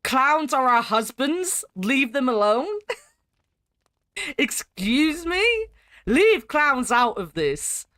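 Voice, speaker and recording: A woman's voice: high-pitched, sing-song, slow pace, few pauses, pushed and bright, no echo. A woman streaming a game, chatting with viewers, laughing and reading chat aloud. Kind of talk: casual chat while playing a game.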